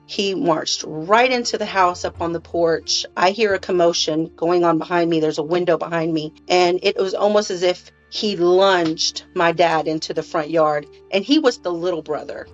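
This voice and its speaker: Low-voiced woman, halting storyteller. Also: lo-fi sound. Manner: halting, with restarts and repeated words. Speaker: interview guest. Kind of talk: personal storytelling.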